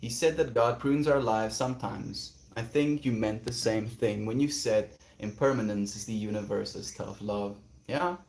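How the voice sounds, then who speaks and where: A man's voice: lowish voice, moderate pace, creaky, few pauses, a little mellow, slight background noise. A man on a casual livestream outdoors, reading viewer messages aloud and musing on them in a reflective way. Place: outdoors, quiet spot.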